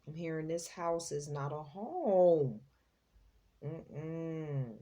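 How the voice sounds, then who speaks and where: Slow, low-voiced woman reading tarot. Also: warm tone. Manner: chatty, slangy, exclaims as she reads the cards. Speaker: psychic tarot reader, host.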